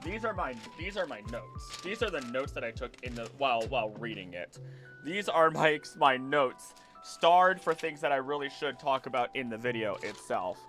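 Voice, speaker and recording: A man's voice: mid-range voice, moderate pace, faint music behind. Rambling young man streaming. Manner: rambling, excitable, jumps between topics and restarts often. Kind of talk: casual stream chat. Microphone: desk mic.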